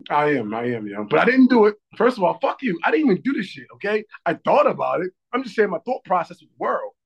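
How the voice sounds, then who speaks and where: A man with a high, gravelly voice, talking in loose, profane podcast banter. His pitch swings all over the place as he acts out the other people in his story. The delivery is lively and unfiltered. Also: fast, highs cut off. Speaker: podcast co-host. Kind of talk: casual chat.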